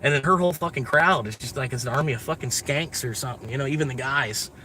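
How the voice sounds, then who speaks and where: American guy vlogging from his car, loose and foul-mouthed, mid-pitched voice, faint road noise behind. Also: fast talker, bright, forceful tone. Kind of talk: casual rambling chat. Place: inside a moving vehicle.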